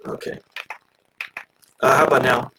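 A man's voice: mid-range voice, little pitch movement, measured pace, noisy background. A man hosting a casual movie review chat over an online call, rambling with lots of fillers and restarts. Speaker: podcast host. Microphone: own mic on an online call.

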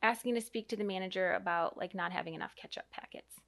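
A woman's voice: medium pitch, fast talker, fairly bright tone. A woman in her thirties or forties, a mother co-hosting a podcast, chatting in a rambling, easygoing way. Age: 30s to 40s. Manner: chatty and rambling, reads aloud from an article. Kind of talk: casual podcast chat.

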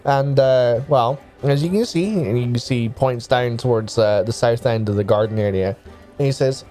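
A man's voice: medium pitch, normal speed, dark tone, faint music behind. A man running a tabletop game as game master, teasing the players.

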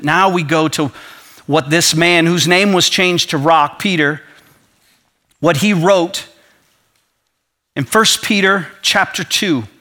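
Impassioned high-voiced male pastor. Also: pushed and bright. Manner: impassioned, builds intensity. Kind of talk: sermon.

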